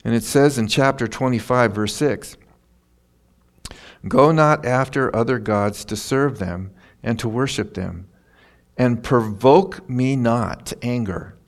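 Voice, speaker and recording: Gravelly-voiced pastor telling stories. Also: male voice, mid-range voice, slow pace. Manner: conversational, self-deprecating storytelling with chuckles. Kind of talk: sermon. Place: church.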